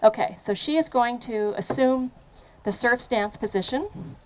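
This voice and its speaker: A woman fitness trainer running a lively training demo for a crowd at an outdoor event, encouraging and laughing often. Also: fairly high pitch, measured pace, slight background noise, rough recording.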